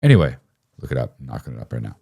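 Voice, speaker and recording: A man with a very deep voice hosts a live stream and tells a childhood story in a loose, rambling way. He swears freely, laughs at himself and answers his chat as he goes. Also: wildly swooping pitch, rapid-fire, vocal fry, warm tone, husky. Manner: profane, rambling, self-mocking, laughs often.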